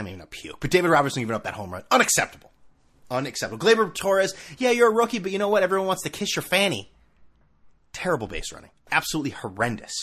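A man's voice: medium pitch, a bit bright. A man hosting a sports talk show, ranting sarcastically in a casual monologue full of asides. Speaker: sports podcast host.

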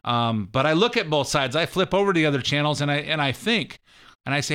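Man, talk host, casual political commentary, rambling, crisp bright voice. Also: on the high side, animated, fast. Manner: rambling, folksy, mocking.

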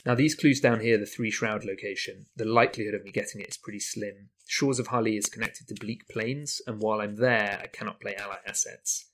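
A man's voice: fairly low pitch, fairly even intonation, a little fast, few pauses, a bit bright, slight background noise. A man playing a card game solo, talking through his choices and weighing options aloud as he plays. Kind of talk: thinking-aloud gameplay commentary.

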